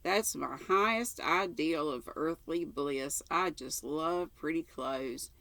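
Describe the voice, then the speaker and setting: A woman's voice: sits low, slow, creaky, fairly bright tone, dry recording, exaggerated voice. An older woman reading aloud and voicing a chatty, imaginative orphan girl in a breathless, eager, rambling way. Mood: eager chatter.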